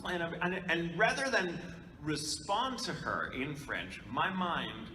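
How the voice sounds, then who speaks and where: A man, a voice actor, telling lively anecdotes on a convention panel and dropping into accents as he goes. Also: on the high side, slow pace, a loud crowd. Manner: animated storyteller, jumping into accents and voices. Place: large convention hall. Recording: echoey hall, voice from far off, background noise.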